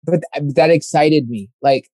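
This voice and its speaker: A young man tells a long, rambling story in casual chat, scattering fillers and slipping into other people's voices as he quotes them. His voice sits a touch high but sounds mellow and dark. The sound is dry and close, with no room echo. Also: measured pace.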